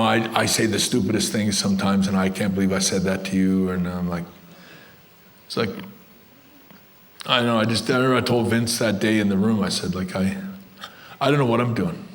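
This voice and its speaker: A man's voice: lowish voice, fairly bright tone, slight background noise. Blunt older man telling stories. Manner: blunt, rambling, restarts and asides. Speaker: guest wrestler telling stories. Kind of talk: live storytelling to fans. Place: event room with a live crowd.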